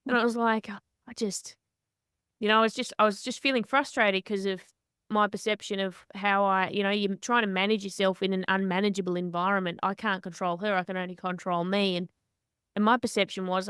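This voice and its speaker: A woman hosting a podcast, telling candid stories in an animated way. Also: mid-range voice, brisk, smooth, no echo, studio quality. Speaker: podcast host and boxer. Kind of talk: conversational interview.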